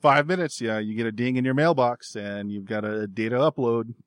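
A man narrating as game master of a tabletop game, relaxed, with many fillers and chuckles. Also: fairly low pitch, brisk, clear, resonant tone, no room sound, clean studio sound.

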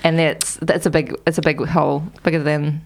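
A woman's voice: low-pitched, flat delivery, a little fast, vocal fry. A woman co-hosting a podcast who tells stories in a chatty way and acts out what people said. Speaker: podcast producer and co-host. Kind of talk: casual storytelling chat.

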